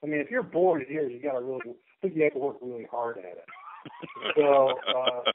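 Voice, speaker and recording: A man's voice: medium pitch, brisk, a crowd in the background. A man talking as a guest in a casual radio chat, rambling and joking as he tells stories. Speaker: guest artist. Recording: tinny phone line.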